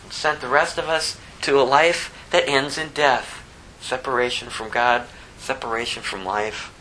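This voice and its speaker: A man preaching a sermon, moving between impassioned rising emphasis and hushed, slower scripture reading. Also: mid-range voice, steady tone, slight background noise, rough recording. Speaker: pastor.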